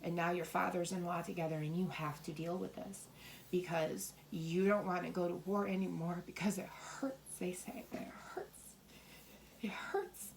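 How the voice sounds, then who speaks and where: A middle-aged woman giving a tarot and coffee-ground reading, rambling, cursing now and then, and slipping into soft whispers. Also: lowish voice, flat delivery, normal speed, vocal fry, slight background noise. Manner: swears freely when relaying messages. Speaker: tarot reader.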